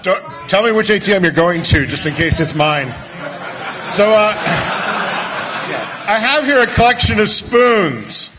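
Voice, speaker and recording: A man's voice: high-pitched, animated, unhurried, long pauses, over music. A man hosting a live panel, bantering with the crowd in a wry, playful way.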